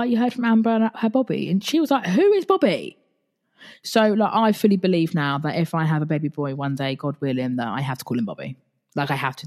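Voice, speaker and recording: Chatty woman podcaster. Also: low voice. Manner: chatty, laughing, animated retelling. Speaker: podcast host. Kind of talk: casual podcast chat reading listener stories.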